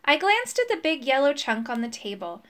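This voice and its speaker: A woman narrating a children's storybook in an expressive, storytelling manner. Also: high-pitched, normal speed. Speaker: audiobook narrator.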